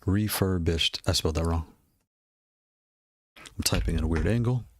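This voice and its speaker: A man's voice: sits low, moderate pace, dry recording. A man casually talking through gaming controller prices, rambling and repeating himself with frequent laughs. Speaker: gaming hardware streamer. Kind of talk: casual product commentary.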